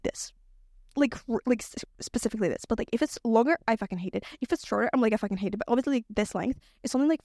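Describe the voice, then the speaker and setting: A chatty young woman talks through her own podcast in a slightly high voice. She swears freely and acts out her own reactions in quick quoted asides. The sound is close and dry, with no room around it. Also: no room sound. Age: young adult. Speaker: podcast host. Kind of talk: casual solo podcast chat.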